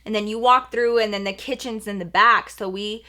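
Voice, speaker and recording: A young woman telling a storytime on her vlog, chatty and animated, full of fillers, acting out what her mom said. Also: mid-range voice, moderate pace. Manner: acts out quoted voices of her mom. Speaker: vlogger.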